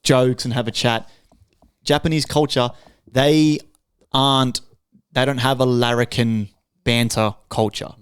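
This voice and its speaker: Loud aussie guy swearing his way through a podcast chat, smooth voice, dead dry sound. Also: medium pitch, fairly even intonation, unhurried, pauses often, no room sound. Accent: Australian. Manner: loud, swearing, jokey banter. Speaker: podcast guest.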